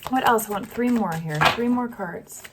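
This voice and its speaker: A woman's voice: fairly high pitch, normal speed, very noisy. Woman, tarot reader, casual monologue, emotional, sighs, trails off mid-sentence, close mic. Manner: emotional, acts out the feelings she reads, sighs and trails off.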